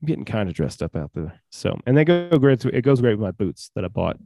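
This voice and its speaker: A man's voice: on the low side, big pitch swings, brisk, gravelly. A young man co-hosting a podcast, chatting casually in a jokey, rambling way with lots of fillers. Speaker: podcast co-host. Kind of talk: casual chat.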